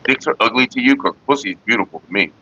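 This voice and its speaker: A man's voice: mid-range voice, very fast, breathy edge, dry recording, dull audio. Profane rambling man on a livestream. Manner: profane, rambling, animated retellings. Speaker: livestream host. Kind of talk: casual livestream chat.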